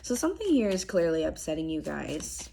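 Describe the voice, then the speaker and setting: A woman's voice: sits low, brisk, a little hiss or hum. Young woman reading tarot, throat strained. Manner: chatty, relaxed, frequent fillers and throat clearing. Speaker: tarot reader. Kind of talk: casual tarot reading to camera. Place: apartment room indoors.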